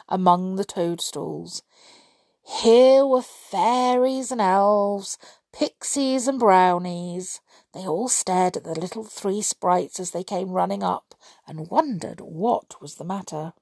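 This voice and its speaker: A woman reading a children's fairy story aloud in a gentle, expressive storybook manner. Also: medium pitch, slow pace, creaky, dry recording.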